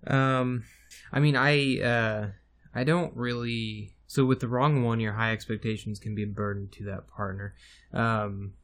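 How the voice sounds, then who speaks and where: A man co-hosting a casual podcast, speaking hesitantly with many ums and slowly searching for his words. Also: mid-range voice, steady tone, a bit bright. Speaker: podcast co-host. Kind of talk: casual chat.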